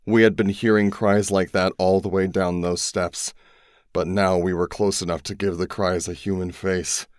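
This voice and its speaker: Deep-voiced man narrating an audiobook. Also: flat delivery, smooth, no room sound, studio quality. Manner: grave, measured storytelling. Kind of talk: first-person scripted narration.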